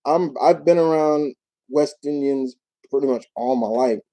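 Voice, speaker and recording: A man from New York hosting a casual live Q&A, talking in a rambling, animated way with many restarts. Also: fairly high pitch, unhurried, rough recording. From New York, United States. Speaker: YouTube show host.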